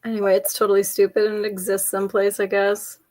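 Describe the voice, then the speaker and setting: A woman's voice: medium pitch, completely flat delivery, fast, darkish tone. A woman co-hosting a casual chat, telling jokey stories with lots of laughter. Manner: chatty, jokey storyteller, frequent laughs. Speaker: podcast co-host.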